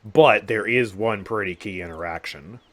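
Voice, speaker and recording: A man's voice: fairly low pitch, normal speed. A young man giving casual gameplay commentary on a game update, sarcastic and exasperated, often sighing and laughing. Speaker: gaming YouTuber.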